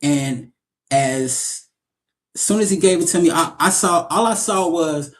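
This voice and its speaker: Man, actor guest, casual interview, slightly high voice, animated storytelling, repeats words. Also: a little slow.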